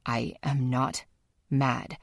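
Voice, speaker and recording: A woman's voice: rumbling low, flat delivery, vocal fry, no echo, clean studio sound, exaggerated voice. A woman voicing a terse Serbian man. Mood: stubborn. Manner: slow, clipped, avoids contractions. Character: reserved adult Serbian man, terse and guarded.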